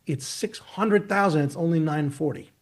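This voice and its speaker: A man's voice: fairly high pitch, normal speed. A man in his fifties, a guest on a video call, explaining his ideas through long, emphatic, rambling analogies with frequent restarts. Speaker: market technician, interview guest. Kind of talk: expansive storytelling explanation.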